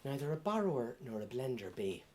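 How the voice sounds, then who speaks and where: A man's voice: mid-range voice, sing-song, brisk, warm tone, close to an everyday voice. A man voicing his fussy older mother, prim and fond of old sayings.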